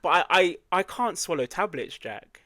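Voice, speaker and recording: A man, co-hosting a casual podcast chat as an animated storyteller who laughs at himself. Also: fairly high pitch, normal speed, a crowd in the background. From England. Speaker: podcast co-host.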